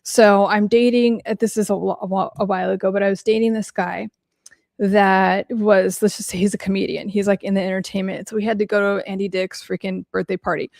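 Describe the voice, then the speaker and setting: Talking a little fast with vocal fry in a medium-pitched voice, a woman answers questions solo on her podcast, where she's a mental health coach. She's blunt, casual, animated, and storytelling, swearing freely and leaning on fillers. Studio quality, no room sound.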